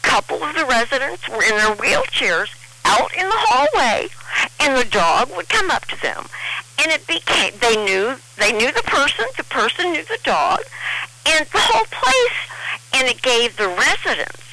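A woman's voice: high voice, very animated, normal speed, background noise. A middle-aged woman telling a personal story in a rambling, emotional way, often restarting her sentences.

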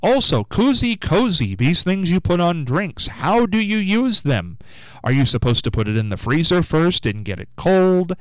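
A man's voice: high-pitched, very animated, normal speed, clear, resonant tone, no room sound. A man hosting a morning call-in radio show, talking in a playful, chatty way. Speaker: radio host. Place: radio studio.

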